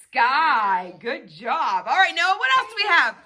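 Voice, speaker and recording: A woman runs a children's phonics lesson, spelling letters and stretching out sounds in a sing-song way. Her voice is fairly high and bright, with lively pitch swings. She speaks at an unhurried pace. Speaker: teacher.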